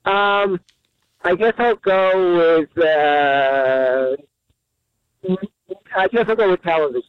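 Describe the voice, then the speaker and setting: A man's voice: fairly high pitch, slow, smooth, no room sound. A man calling into a radio show, casual and easygoing with the host. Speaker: radio caller. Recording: dull phone-in line.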